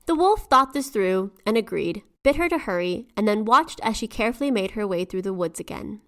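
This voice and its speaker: A woman co-hosting a podcast, talking in an easy, chatty way. She retells folk tales and drops in lively quoted asides, her voice sitting in an ordinary middle pitch. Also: brisk. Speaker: podcast co-host. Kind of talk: casual storytelling chat.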